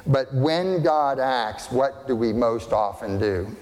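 Slow-preaching man in an echoing hall. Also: medium pitch, animated, darkish tone. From family partly German and partly English. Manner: slow, deliberate, asks the congregation questions. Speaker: pastor. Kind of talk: sermon. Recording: long hall reverb.

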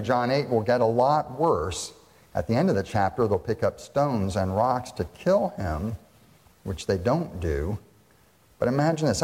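A man's voice: medium pitch, darkish tone, long reverb tail. A man, a pastor, preaching a sermon and putting rhetorical questions to his congregation.

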